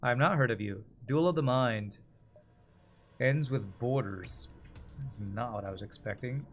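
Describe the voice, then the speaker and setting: Guy streaming a space game, chatty, mid-pitch voice, answers chat as he plays, bit of game music under it. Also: unhurried. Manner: chatty, reads and answers chat while playing. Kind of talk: casual gameplay commentary.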